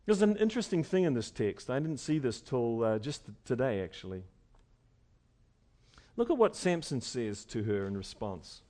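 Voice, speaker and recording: A man preaching a sermon in a conversational way, dropping to soft asides and rising to loud, emphatic stretches. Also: mid-range voice, sing-song, normal speed. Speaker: pastor.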